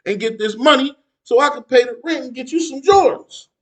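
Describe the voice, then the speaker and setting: A woman's voice: high voice, a little fast, voice pushed up, close to an everyday voice. A man putting on his brusque streetwise mother. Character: streetwise mother, scolding then scheming.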